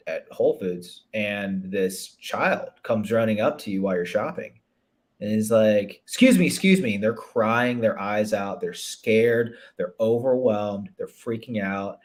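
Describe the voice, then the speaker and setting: A man's voice: on the low side, steady tone, a little slow. A man speaking as a relationship coach in a casual interview, earnest and reflective, often restarting and adding "you know". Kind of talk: conversational interview.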